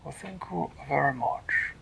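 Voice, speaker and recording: A man's voice: fairly high pitch, measured pace, vocal fry, sharp tone, breathy edge, voice pushed up, heavily acted. A man voicing a prim, very polite magical helper in a storybook who speaks formally.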